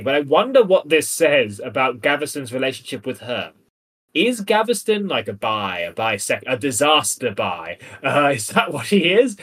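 A man's voice: medium pitch, a bit bright. A man co-hosting a podcast, casually discussing a Renaissance play with teasing humor and reading passages aloud. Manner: playful, teasing, reads verse aloud dramatically. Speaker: podcast co-host.

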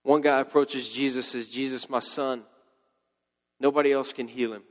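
A man's voice: medium pitch, steady tone, normal speed, long reverb tail. A man preaching a sermon in a conversational way, with joking asides and playful quoted voices. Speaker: pastor.

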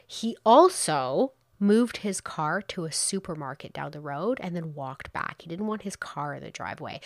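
Donna chiacchierona dalla voce bassa. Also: female voice, moderate pace, hardly any pauses, no echo, studio quality. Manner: animated, quotes people in playful voices, exclaims. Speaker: true crime storyteller. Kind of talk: casual true crime retelling.

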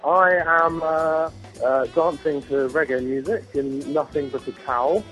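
Young man, slow, hesitant, filler-laden, faint music in background. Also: a little high, fairly bright tone, low-quality recording. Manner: hesitant, filler-heavy, laughing. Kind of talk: short phone answers, casual.

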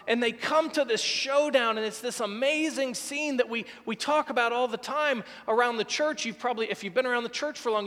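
A man's voice: very high-pitched, fairly bright tone. A man preaching a sermon as a pastor, retelling a scripture story vividly with quoted dialogue. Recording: long reverb of a large hall.

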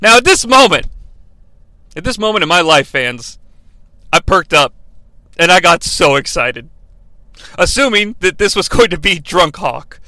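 A man's voice: sits high, sing-song, measured pace, pauses often, sharp tone, dry recording. A man hosting a podcast, recapping wrestling in a sarcastic, jokey way with many asides. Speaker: podcast host. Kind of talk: comedic recap narration.

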